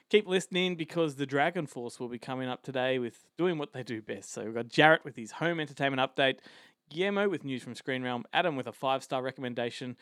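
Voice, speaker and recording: A man hosting a movie podcast, jokey and quick to laugh. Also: mid-range voice, fairly bright tone, no room sound, clean studio sound. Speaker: podcast host. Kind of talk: casual movie podcast chat.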